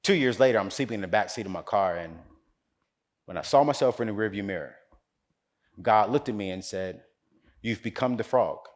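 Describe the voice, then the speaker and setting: A man's voice: on the low side, fairly quick, long pauses. A man from North Carolina giving a motivational speech, telling a story with preacher-like crescendos. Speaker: keynote speaker.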